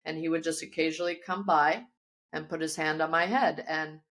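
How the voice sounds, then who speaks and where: A woman yoga teacher, a podcast guest, telling a personal story in a lively, animated way with frequent restarts, recorded in her studio. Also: deep voice, brisk. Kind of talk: casual storytelling interview.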